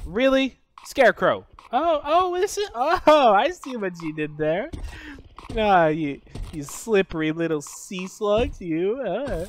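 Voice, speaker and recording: A man trash-talking other players in game voice chat, loud and profane, yelling taunts. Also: sits high, very animated, slow, slight background noise. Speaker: gamer streamer.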